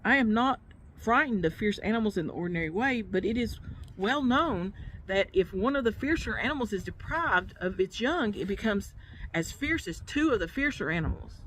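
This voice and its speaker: Small, nervous storybook piglet, read by a woman, mid-pitched, close to her own voice. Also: animated, normal speed, fairly bright tone, slight background noise, close to an everyday voice.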